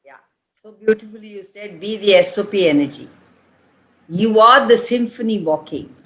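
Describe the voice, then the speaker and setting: A host giving measured, reflective coaching talk, with hesitant restarts and a mix of English and Hindi. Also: mid-range voice, fairly bright tone. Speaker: host and facilitator. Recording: echoey room.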